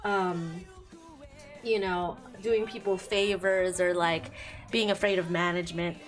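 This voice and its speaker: A woman's voice: fairly low pitch, steady tone, a little slow, faint music behind. A woman streamer chatting casually while she draws, retelling a plot in a rambling, giggly way. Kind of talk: casual chat while drawing.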